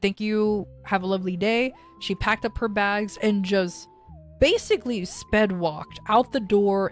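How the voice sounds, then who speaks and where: A young woman streamer telling a story in a casual, rambling way, with restarts and casual swearing. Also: mid-range voice.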